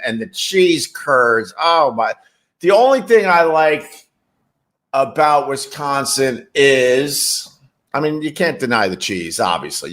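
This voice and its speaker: A man's voice: mid-range voice, a bit bright. A man hosting a casual livestream, reading chat messages and rambling wryly with casual swearing. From New York.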